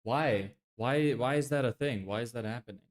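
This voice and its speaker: A man's voice: medium pitch, moderate pace. A young man casually chatting on a live stream, exasperated and swearing often as he answers viewers. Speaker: livestreamer.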